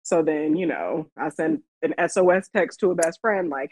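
A low-voiced woman co-hosts a podcast in Las Vegas, speaking at a moderate pace with no room sound. Her storytelling is chatty and full of laughter, and she becomes animated when quoting what she said. The recording sounds dull, dry and lo-fi.

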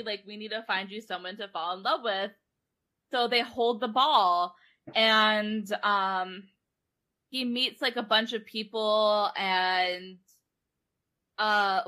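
On a podcast captured as an online call recording, a young woman co-host casually recaps a book. Her voice is on the high side with a sharp tone, and she rambles, laughs and acts out the characters' lines.

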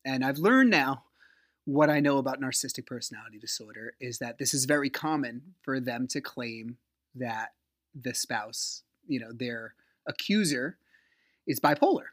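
A man's voice: mid-range voice, moderate pace, no room sound, clean studio sound. Blunt man telling a personal story. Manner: emphatic, animated retelling of arguments; blunt, swears freely. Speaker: podcast host.

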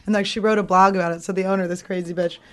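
A woman's voice: on the low side, steady tone. A woman co-hosting a podcast, telling stories in a blunt, profane casual banter. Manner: fast, blunt, profane storytelling.

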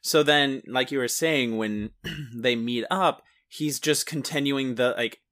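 Man, bright crisp timbre, laid-back film chat, hesitant, casual swearing. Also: mid-range voice, takes it slowly. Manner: easygoing, hesitant with fillers, swears, laughs at himself.

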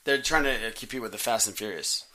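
A man's voice: fairly low pitch, expressive, fast talker, pushed and bright. A young man co-hosting a podcast, rambling and telling jokes in casual chat. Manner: joking, rambling storyteller. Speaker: podcast co-host.

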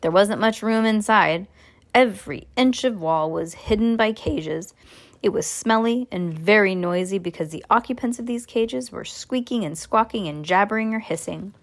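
A woman reading a story aloud at home, in a middle-pitched, unremarkable voice. She trips over words now and then and goes back to fix them. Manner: stumbles and corrects herself often.

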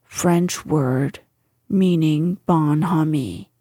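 A woman's voice: low-pitched, drawn-out words, dark tone, breathy edge, dry recording, studio quality, voice pushed down, full character voice. A woman voicing a gloomy old gray male donkey in a storybook, talking in a mournful, self-pitying way.

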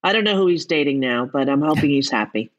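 A woman's voice: sits low, animated, fast talker, muffled recording, slight background noise. A woman appearing as a podcast guest, telling a story earnestly and from the heart. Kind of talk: sincere interview talk.

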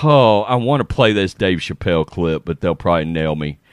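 A man giving casual, animated commentary, reading social media posts aloud with frequent laughs and exclamations. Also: low-pitched, a little fast, noisy background.

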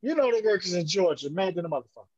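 A man's voice: sits high, sing-song, rapid-fire, darkish tone, husky, highs cut off. A man with a Chicago accent co-hosting a casual podcast, rambling, profane and repeating himself. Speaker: podcast co-host. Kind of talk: casual banter.

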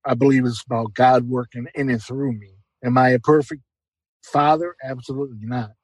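A man's voice: medium pitch, no echo, rough recording. A middle-aged man giving an earnest, heartfelt personal testimony as an interview guest, repeating phrases for emphasis.

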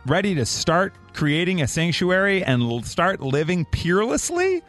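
A man's voice: sits high, faint music behind. A man hosting a morning radio show, joking and laughing with callers and cohosts. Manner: animated, jokey, quick to laugh.

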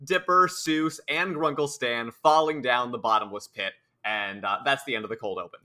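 A man co-hosting a podcast, calmly summarizing a cartoon episode with dry teasing. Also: medium pitch, moderate pace. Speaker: podcast co-host. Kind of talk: casual recap chat.

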